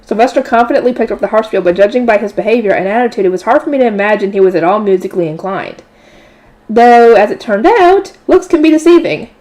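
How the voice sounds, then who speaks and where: A woman narrates a light novel in a relaxed, casual read-aloud, fixing her own slips as she goes. Her voice sits at a middle pitch and she drops in offhand asides. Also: fast talker.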